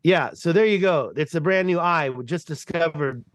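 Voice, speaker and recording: Rambly excitable guy on a video call, kinda high voice, dry sound. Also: moderate pace, dry recording. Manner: rambling, excitable, swears casually. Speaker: podcast guest. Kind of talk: casual video-call chat.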